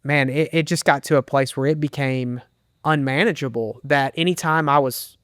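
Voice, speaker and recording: A man's voice: medium pitch, fairly bright tone, clean tone, no room sound, studio quality. Earnest man sharing a candid testimony. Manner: earnest, candid storytelling with emotional pauses. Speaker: associate pastor and men's minister. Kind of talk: personal testimony in an interview.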